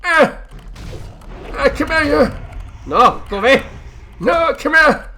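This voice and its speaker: A man's voice: extremely high pitch, lively intonation, slow, pushed and bright, a little hiss or hum, pitched above the performer's own voice, full character voice. A man voicing a lecherous, toothless old granny tiger in a game. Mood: grabby.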